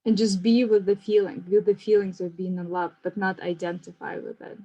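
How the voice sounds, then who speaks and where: A woman therapist leading a class conversation, speaking gently and reflectively, with frequent restarts. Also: mid-range voice, steady tone, brisk, dull audio. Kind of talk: casual teaching conversation.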